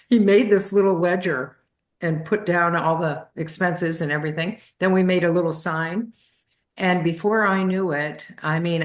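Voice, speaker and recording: Her voice slightly low, a guest on a podcast in her seventies shares memories with animated, storytelling flair. When she quotes relatives, she puts on little voices for them.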